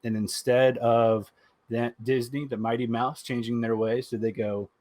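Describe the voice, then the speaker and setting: A man's voice: mid-range voice, level tone, measured pace, darkish tone, dry recording. Joking man chatting on a podcast. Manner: loose, joking, swears freely. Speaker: podcast host. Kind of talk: casual chat about movies.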